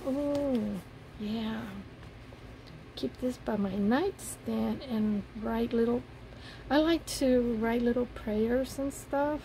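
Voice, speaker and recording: A woman with a fairly high, gravelly voice unboxes craft gifts in a casual vlog. She talks slowly and softly, gushing over every piece with delight. A faint hiss sits under her mellow tone. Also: rough recording. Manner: gushing, soft-spoken, admiring each item. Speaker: paper craft vlogger.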